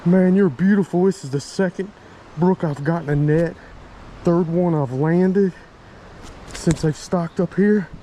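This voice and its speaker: Excitable man by a creek. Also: high voice, a little slow. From Virginia. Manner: excitable, exclaiming, talks to viewers as y'all. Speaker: fishing vlogger. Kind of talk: excited outdoor vlog narration. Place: outdoors by a creek. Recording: faint stream and outdoor noise.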